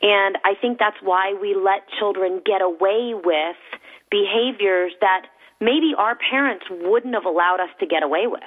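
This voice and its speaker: A woman speaks as a guest in a thoughtful, reflective manner. She works her ideas out as she talks. Her voice sits at a middle pitch, and the sound is thin, like a phone line. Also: measured pace. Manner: thoughtful, reflective, often starts with "I think". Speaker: guest, works with companies and salespeople. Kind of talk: casual conversation.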